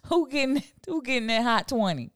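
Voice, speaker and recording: Brash, profane woman with a lively voice. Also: a little high, fairly quick, no room sound, clean studio sound. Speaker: podcast co-host. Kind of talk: casual chat.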